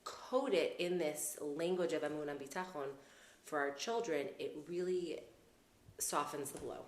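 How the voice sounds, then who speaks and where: Woman, very low voice, earnest advising tone, roomy echo, faint background hiss. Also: normal speed. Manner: earnest, advising, Hebrew religious terms. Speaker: guest psychologist. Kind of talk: conversational interview. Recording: echoey room with faint ambience.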